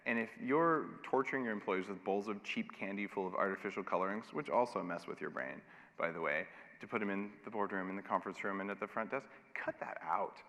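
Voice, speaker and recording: A man's voice: fairly low pitch, fairly quick. Man giving a keynote in a reverberant hall. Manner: energetic, emphatic, wry. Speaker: keynote speaker. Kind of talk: conference keynote. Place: large conference hall.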